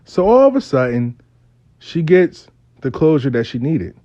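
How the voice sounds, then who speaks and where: A man tells a story with swearing and street slang, his pitch swinging up and down. His voice is mellow and low in brightness. The recording is dry and dull, with a lo-fi sound. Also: a little slow, dry recording. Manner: animated, profane, streetwise storytelling. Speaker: storyteller host. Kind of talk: casual storytime monologue.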